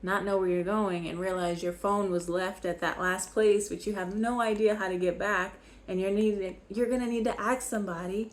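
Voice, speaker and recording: A woman's voice: medium pitch, steady tone, normal speed, hardly any pauses. A young woman teaching basic vocabulary, patiently repeating each word so learners can follow along. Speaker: French teacher. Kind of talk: slow vocabulary lesson.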